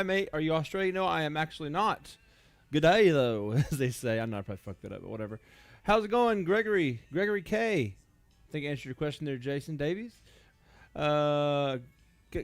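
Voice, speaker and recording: Chatty upbeat toy store livestream host. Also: male voice, on the high side, no room sound. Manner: upbeat, chatty, greets viewers by name. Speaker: toy store owner hosting a live sale. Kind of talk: casual livestream chat.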